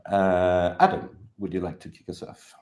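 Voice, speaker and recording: A man hosting a live business talk show, giving lively scripted introductions with the odd stumble. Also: low voice, moderate pace, a little hiss or hum.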